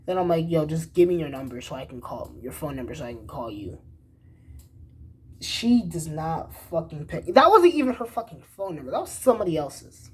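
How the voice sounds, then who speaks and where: A man's voice: fairly high pitch, husky. A young man casually telling a story, swearing a lot and acting out both sides of the conversation. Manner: profane, animated retelling with quoted dialogue.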